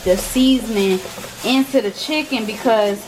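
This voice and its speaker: A woman's voice: fairly high pitch, a little slow, a little mellow, a little hiss or hum. A young woman chatting casually and teasingly while she cooks for her channel. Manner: playful, teasing, slangy. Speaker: cooking vlogger. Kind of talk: casual cooking chat.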